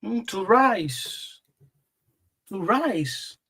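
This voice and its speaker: A man teaching scripture on a live stream, slow and deliberate, repeating key words for emphasis. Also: sits high, very animated, bright, forceful tone, breathy edge. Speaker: Bible teacher.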